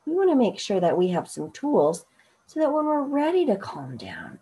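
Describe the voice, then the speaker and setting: A woman teacher giving a gentle children's storytime read-aloud, soothing and often dropping into soft whispers. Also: mid-range voice, huge pitch swings, moderate pace, rough recording. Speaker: teacher reading a picture book aloud.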